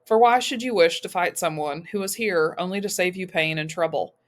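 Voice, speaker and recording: A menacing male overlord from a storybook speaks in a soothing, patronizing voice, put on by a woman reading aloud. He talks slowly and calmly, sitting low in pitch. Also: close to an everyday voice.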